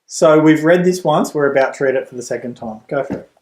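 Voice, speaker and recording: A man's voice: fairly high pitch, fast. Man explaining in a roomy echo. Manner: relaxed, explanatory, with some restarts. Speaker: reading tutor and parent. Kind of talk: home tutoring demonstration.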